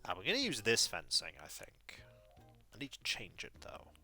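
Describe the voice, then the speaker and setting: A man's voice: fairly low pitch, wildly swooping pitch, moderate pace, creaky, sharp tone, slightly rough, soft background music. A man casually commenting as he plays a life-sim game on stream, chatting with viewers and muttering asides to himself.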